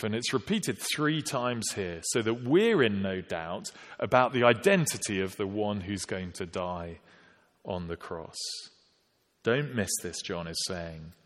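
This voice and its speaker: A man preaching a sermon, measured and emphatic, slowing down to stress quoted scripture. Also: fairly low pitch, lively intonation. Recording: long hall reverb.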